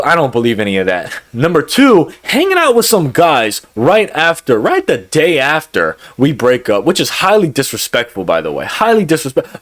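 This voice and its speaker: Emotional young man with a lively voice. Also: fairly high pitch. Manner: emotional, repetitive, swings between heated and subdued. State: close to tears. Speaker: YouTuber. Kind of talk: emotional vlog confession.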